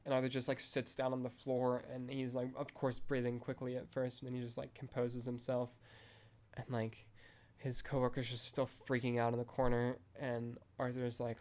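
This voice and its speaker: At a moderate pace, a young man rambles through a film review in a casual podcast conversation, peppered with "like" and "um." His voice is mid-range in pitch and flat, with little variation.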